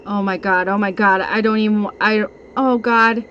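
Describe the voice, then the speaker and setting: A woman's voice: mid-range voice, steady tone, normal speed, fairly bright tone, muffled recording. A woman streaming a horror game live, frightened, swearing and repeating herself. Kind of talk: live horror gameplay commentary. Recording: noisy stream audio.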